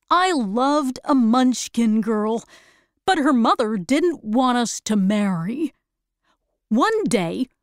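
A woman voicing a gentle, sad tin man who longs for a heart, telling his story in a soft, mournful way in a storybook reading. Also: fairly high pitch, no room sound, studio quality.

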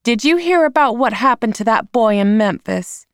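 A woman's voice: on the high side, lively intonation, moderate pace, clear, resonant tone, no echo, studio quality, voice pushed up. A woman playing a bossy, lecturing aunt. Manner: lecturing, firm.

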